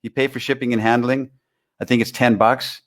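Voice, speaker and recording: A man's voice: mid-range voice, flat delivery, a little fast. Rambling man telling stories. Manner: rambling, repeats words, tells anecdotes. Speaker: interview guest, dating author. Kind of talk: casual interview talk.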